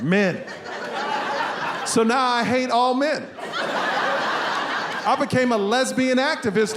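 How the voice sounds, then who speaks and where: A man performing an animated stand-up comedy routine on a live stage, bursting out loudly on punchlines. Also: high-pitched. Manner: animated storytelling, loud outbursts for punchlines. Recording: live stage recording with audience noise.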